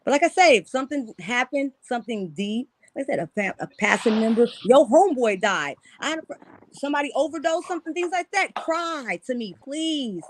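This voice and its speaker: A woman co-hosting a podcast who talks in an animated, rambling, repetitive way in a casual debate. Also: sits high, fairly quick, slight background noise. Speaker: podcast co-host.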